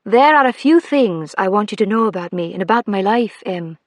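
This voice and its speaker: A woman voicing a loving young father with an Irish accent, speaking slowly and tenderly, in an audiobook. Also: medium pitch, expressive, no room sound, studio quality, natural voice.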